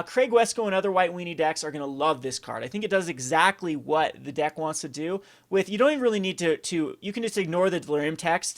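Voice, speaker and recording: A man hosting a card game review, talking casually and enthusiastically with rambling restarts. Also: a little high. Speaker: card game channel host.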